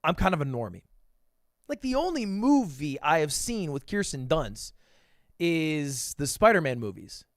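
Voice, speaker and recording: A man's voice: a little high, very animated, unhurried, no room sound, studio quality. A male streamer telling a story in a casual, self-deprecating way, swearing freely.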